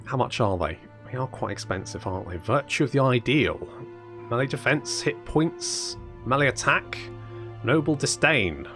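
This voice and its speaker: A man's voice: mid-range voice, lively intonation, moderate pace, bright, forceful tone, soft background music. A man giving casual, sarcastic let's-play commentary, thinking aloud and swearing freely. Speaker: gaming channel host.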